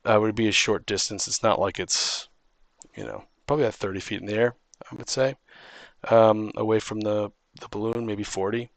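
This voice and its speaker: A man's voice: on the low side, steady tone, a little fast, no echo. A man running a tabletop game as dungeon master, rambling with many restarts and ums.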